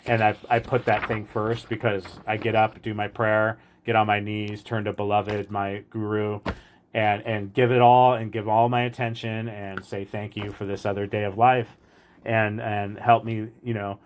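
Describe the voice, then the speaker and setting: Man, low-ish voice, earnest rambling recovery share, casual. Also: flat delivery, moderate pace, a little hiss or hum. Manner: earnest, rambling, repeats "like" and "right". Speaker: recovery meeting speaker.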